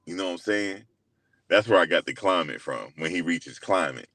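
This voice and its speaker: A young man hosting his own channel, retelling a story in a loose, slangy way full of fillers, animated and incredulous as he quotes others. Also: deep voice, moderate pace, no echo. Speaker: host. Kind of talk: casual storytelling recap.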